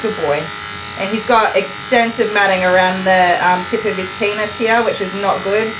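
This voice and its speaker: A woman dog groomer on a live stream, firmly telling a dog to stop and then calmly explaining her work to viewers. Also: medium pitch, normal speed, over music. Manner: firm commands to dog, then calm explaining. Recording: noisy grooming room with clipper buzz.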